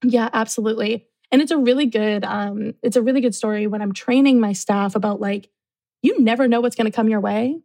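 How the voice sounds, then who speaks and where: A woman who works in university residence life, telling a story casually and acting out what people said in lively voices. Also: a little high, a little fast. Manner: animated, acts out quotes.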